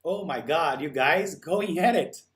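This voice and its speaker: A man's voice: fairly high pitch, expressive, measured pace, a bit bright. A man hosting a live stream, chatting casually and answering viewer comments while he works.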